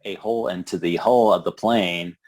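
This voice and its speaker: Man, podcast co-host, casual chat, low pitch, relaxed, dry humor. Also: moderate pace.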